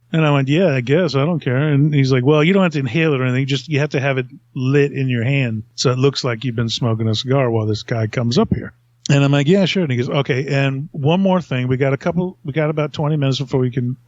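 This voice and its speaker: A man's voice: mid-range voice, no room sound, muffled recording. A man telling a long story in casual podcast chat, rambling and self-mocking, laughing often.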